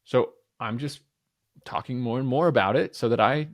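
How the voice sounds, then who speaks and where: An energetic man in his thirties speaks as a podcast guest, at an ordinary mid pitch. He pushes his points with emphasis, repeats himself for effect and restarts his sentences. Casual swearing slips into the talk. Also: normal speed. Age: 30s.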